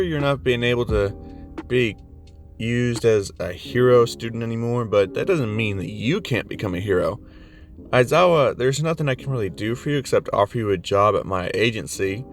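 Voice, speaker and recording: Man doing a brash, self-assured heroine, casual and quick. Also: medium pitch, expressive, soft background music, close to an everyday voice. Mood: cocky. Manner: breezy, pushy. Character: brash, confident female pro hero.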